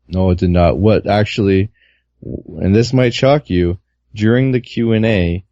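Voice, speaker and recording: A man with a low, dark voice talks through his reporting week in a loose, meandering way, full of "uh"s. The audio is muffled and lo-fi, with a dry sound. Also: a little slow, no echo. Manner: relaxed, rambling with many fillers. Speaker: guest reporter. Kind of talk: casual podcast recap.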